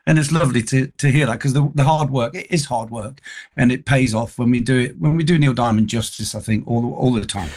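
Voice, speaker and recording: A man chats as a radio guest, his voice at an ordinary middle pitch. He tells stories in a loose, anecdotal way, often restarting his sentences. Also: fairly quick, darkish tone, breathy edge. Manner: chatty anecdotal storyteller, frequent restarts. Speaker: tribute act singer and guest. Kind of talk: casual radio interview chat.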